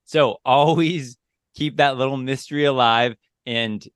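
A man's voice: medium pitch, fairly even intonation, a little slow, smooth, no room sound. Chatty laughing man on a podcast. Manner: chatty, laughs often, frequent restarts. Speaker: podcast co-host. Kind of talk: casual podcast chat.

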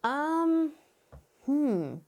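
A woman who works as a vocal coach, talking as a guest in a lively, upbeat interview and often breaking into quick vocal demonstrations. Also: sits high. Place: Nashville.

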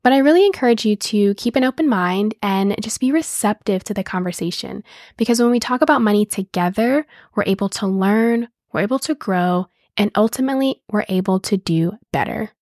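A woman's voice: medium pitch, a little fast, darkish tone, no room sound, studio quality. A woman in her thirties hosting a podcast in casual chat, upbeat and gushing, laughing often. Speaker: podcast host.

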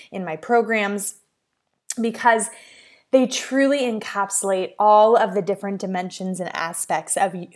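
A young woman, a life coach, hosting a solo podcast in an earnest, encouraging way with plenty of "like" and "um" fillers. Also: mid-range voice.

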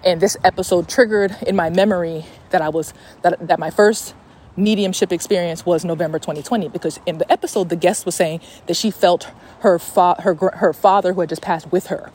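A woman's voice: fairly low pitch, steady tone, brisk, a little mellow, breathy edge. A young woman hosting a podcast in a casual, rambling, profane chat, recorded on a phone voice memo. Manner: chatty, profane, rambling with fillers. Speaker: podcast host.

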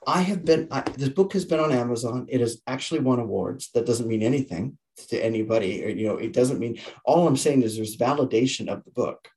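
A man's voice: mid-range voice, brisk, few pauses, a little mellow. A man in his fifties, a leadership coach guesting on a podcast, telling stories earnestly with frequent restarts and repeated words. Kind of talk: conversational storytelling.

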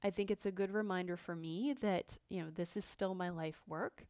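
A woman's voice: lowish voice, fairly even intonation, normal speed, darkish tone, no echo. A woman in her fifties hosting a podcast, telling a personal story in a candid, reflective way with frequent fillers and restarts. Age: 50s. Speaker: podcast host.

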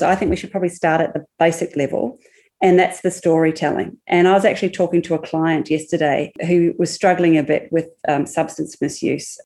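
A woman psychologist co-hosting a podcast, explaining ideas in a measured way with examples. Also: on the low side, warm tone. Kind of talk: casual podcast conversation.

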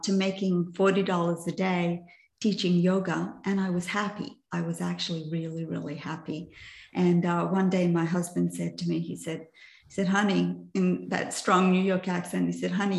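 A woman's voice: on the low side, vocal fry, a little mellow. An older woman and coach telling her life story in a chatty, self-mocking way, often tossing in "right?" to her listeners. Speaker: coach and presenter. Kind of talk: personal story in a masterclass talk. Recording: echoey room.

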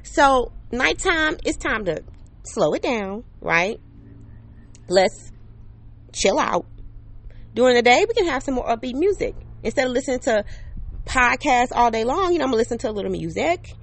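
A woman's voice: on the high side, big pitch swings, normal speed, long pauses. A woman hosting her own podcast outdoors, chatting casually and cheerfully, often checking in with listeners. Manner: chatty and upbeat, talks to listeners directly with many "okay?" and "right?". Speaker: podcast host. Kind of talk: casual solo podcast monologue. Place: outdoors under an umbrella on a patio. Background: neighbor's air conditioner.

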